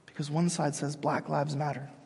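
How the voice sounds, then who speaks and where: A man preaching a sermon as pastor, animated and emphatic, often restarting his sentences. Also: on the high side, moderate pace, creaky, slightly rough, long reverb tail.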